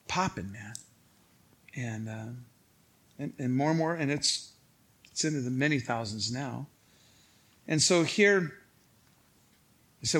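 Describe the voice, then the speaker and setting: A high-pitched man preaches from the pulpit, his tone bright and forceful as he acts out quick little voices for the people in his stories. He keeps chuckling through his own anecdotes. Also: breathy edge. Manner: animated storytelling, acting out others' lines. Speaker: pastor. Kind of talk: sermon.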